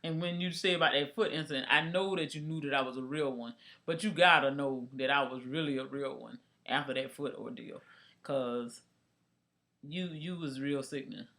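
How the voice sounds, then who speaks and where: A woman's voice: a bass voice, moderate pace, a bit bright. A woman co-hosting a casual podcast, talking in a blunt, teasing way. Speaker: podcast co-host.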